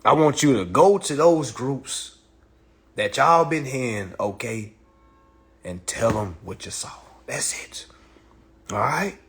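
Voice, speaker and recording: A man's voice: medium pitch, lively intonation, slow pace, long pauses, a little hiss or hum. A man hosting a casual phone livestream, talking in a boastful, repetitive, profane way. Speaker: livestream host.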